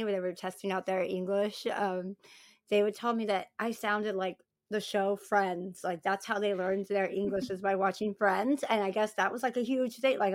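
A woman's voice: mid-range voice, no echo, studio quality. A woman with an American accent co-hosting a podcast, bubbly and casual, saying "like" a lot. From United States. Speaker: podcast co-host. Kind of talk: casual chat.

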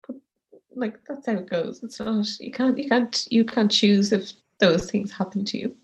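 A woman appears as a guest, sharing a personal story in a soft, halting way, full of fillers and sometimes tearful. Her voice sits in the mid range.

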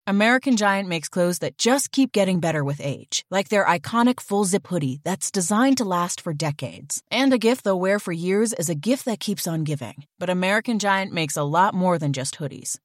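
A woman's voice: on the low side, no echo, clean studio sound. A woman giving a scripted, polished and upbeat ad read. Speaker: ad reader.

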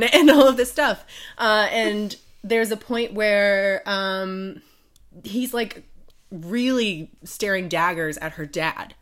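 A woman's voice: medium pitch, slow pace. A woman in her late twenties co-hosting a podcast, casually retelling a novel's plot and acting out the characters' lines. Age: late 20s. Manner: animated storyteller, acts out characters' lines. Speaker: podcast co-host. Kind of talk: casual book chat, summarizing a plot.

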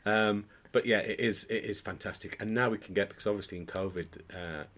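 A pantomime dame actor, guesting on a podcast recorded indoors, chats casually and tells jokey anecdotes, restarting often and breaking into laughter. His voice is fairly low, fairly bright, and brisk.

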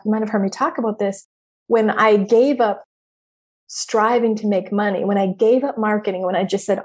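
A middle-aged woman hosting a podcast, giving casual spiritual coaching talk, animated, swearing freely and acting out her inner voices. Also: a little high. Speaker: podcast host.

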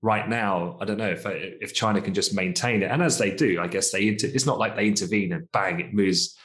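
A man's voice: lowish voice, brisk, fairly bright tone. A man from the UK co-hosting a casual finance podcast, chatty, laughing often and hedging with asides. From United Kingdom. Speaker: podcast co-host.

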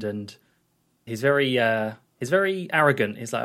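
A man's voice: mid-range voice, normal speed, a bit bright. A man co-hosting a podcast, casually recapping a film scene by scene in a rambling way, with plenty of fillers and restarts. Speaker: podcast co-host.

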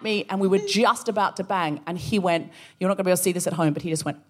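A woman's voice: on the low side, quick pace, few pauses. A woman telling a story on stage at a live podcast show, acting out the voices in it. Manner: animated, acts out voices in stories.

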